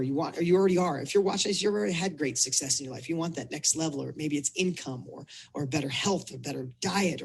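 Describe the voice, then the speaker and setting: A middle-aged man, a coach, telling a personal story in a casual interview, animated and acting out the dialogue. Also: a little high, vocal fry, slight background noise. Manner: animated storyteller, acts out dialogue, repeats words. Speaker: business and fitness coach telling his story.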